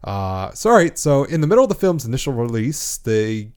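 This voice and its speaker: A Canadian man hosts a relaxed podcast chat, working through his movie trivia notes. He talks at a middle pitch and stumbles over his words with plenty of fillers and restarts. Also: a little fast, clean tone. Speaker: podcast host.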